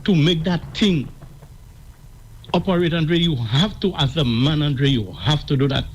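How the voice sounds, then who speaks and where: A man's voice: a little high, lively intonation, a little slow, slight background noise, poor audio. A man calling a radio show, giving advice in an insistent, repetitive way. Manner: repetitive, insistent, keeps saying the host's name. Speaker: caller.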